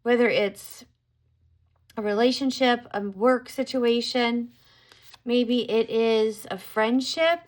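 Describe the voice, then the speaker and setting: A woman's voice: on the high side, takes it slowly. A middle-aged woman giving a casual tarot card reading to camera, musing aloud and exclaiming at what she draws.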